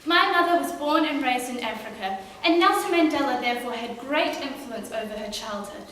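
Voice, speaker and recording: A teenage girl delivers a formal competition speech in an emphatic, rhetorical manner. Her voice is high and bright. A distant camera picks it up in a cavernous hall with long reverb and faint hiss. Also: expressive, a little fast. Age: late teens. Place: large hall at a marae. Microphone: far camera.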